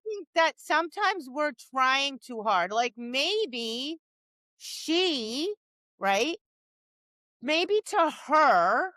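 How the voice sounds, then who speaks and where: A woman dog trainer co-hosting a podcast, chatting casually. Her voice is bright and a touch high. She tells animated stories full of acted-out quotes, and the close mic sounds dry. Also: drawn-out words, no echo. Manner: animated storytelling with acted-out quotes, many restarts. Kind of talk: casual chat.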